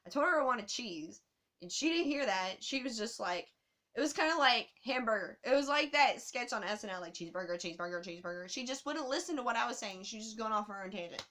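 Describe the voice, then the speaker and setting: A woman telling a travel story to her camera in a casual, animated way, swearing often. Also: a little high, fairly quick.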